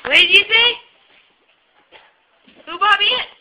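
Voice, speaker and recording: A woman's voice: very high voice, slow pace, sharp tone, low-quality recording. A woman at home, teasing and questioning her little niece in a playful sing-song way while filming. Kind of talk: playful home-video chat with a small child.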